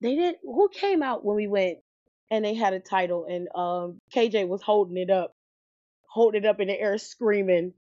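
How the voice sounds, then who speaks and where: A woman's voice: medium pitch, animated, normal speed, mellow, no echo. Chatty woman on a dull, dry recording. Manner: chatty, enthusiastic, rambling. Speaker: podcast co-host. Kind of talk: casual chat.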